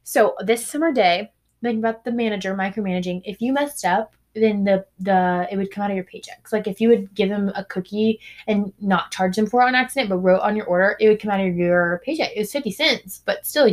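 A woman in a casual chat, telling an animated story, acting out what people said and using plenty of "like". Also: mid-range voice, a little fast. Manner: animated storyteller, acts out quotes, heavy "like" filler.

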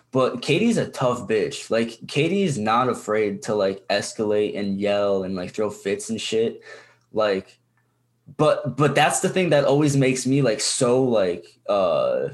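A young adult man on a podcast, chatting in a rambling, profane way, full of fillers and restarts. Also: mid-range voice. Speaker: podcast co-host. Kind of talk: casual chat.

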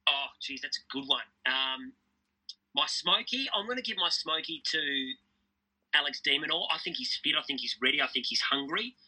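An Australian man in middle age talks tennis as an interview guest, full of enthusiasm and quick restarts. His voice is strikingly bright and sharp, with a husky, slightly rough texture. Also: on the high side, expressive, poor audio. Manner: enthusiastic, fast storytelling with repeated restarts. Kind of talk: casual interview chat.

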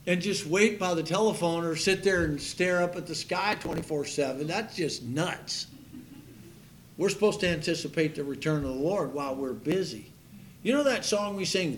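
Male pastor, slightly high voice, folksy storytelling sermon, light low rumble under the recording.

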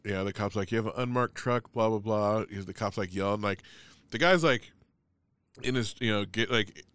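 A man's voice: fairly low pitch, fairly even intonation, brisk, fairly bright tone, clear, resonant tone, no echo. A man in casual chat, telling a long story in a rambling way, full of "like" and swearing.

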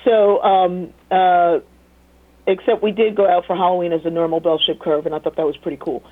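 A woman, a former teacher, telling stories in a lively casual way as an interview guest, laughing often. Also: on the low side, fairly quick. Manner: animated, laughing storyteller who mimics voices. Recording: tinny phone line.

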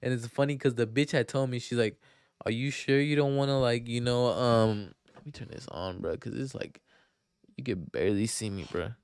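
A man's voice: mid-range voice, normal speed, clean tone, dry recording, studio quality. A young man hosting a podcast, telling stories in a rambling, profane, laid-back way full of fillers. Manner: laid-back, self-mocking. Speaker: podcast host. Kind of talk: casual storytelling podcast.

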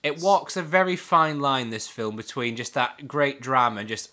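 A man hosting a casual, sweary film chat, animated and prone to restarting his thoughts. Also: mid-range voice, moderate pace.

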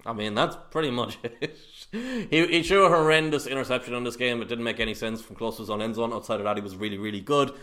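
Man, casual sports podcast chat, rambling analysis, mid pitch. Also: fast talker, a bit bright. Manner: rambling, analytical, laughs often. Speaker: podcast co-host.

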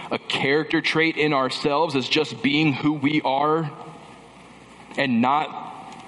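A man's voice: a little high, fairly even intonation, slow pace, fairly bright tone. A man preaching a sermon in a church, emphatic, building through repeated phrases, with dry sarcastic asides. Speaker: pastor. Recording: long reverb of a large hall with faint background noise.

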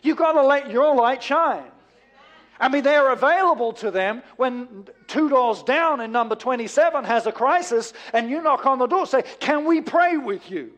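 A man, a pastor preaching a sermon, rising to emphatic bursts and then dropping low and quiet. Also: animated, normal speed, lo-fi sound. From England.

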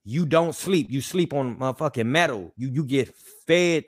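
Young male podcast co-host, raw and emotional, cursing and repetitive, mid-pitched voice. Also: normal speed. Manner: emotional, apologetic, profane, repetitive. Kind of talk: emotional personal monologue.

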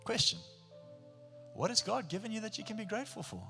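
A man with a South African accent preaches a sermon with a bright, forceful edge, swinging from a near-hush to a shout as he tells stories. His voice sits a little high and rings through a large hall with long reverb and faint instrumental music. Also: brisk, vocal fry. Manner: animated storytelling, shifts between hush and shout. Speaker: pastor.

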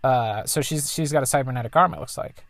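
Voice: mid-range voice, brisk, no echo. A game streamer giving rambling, casual commentary while playing and reading the story aloud. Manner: chatty, rambling, self-correcting. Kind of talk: casual let's play commentary.

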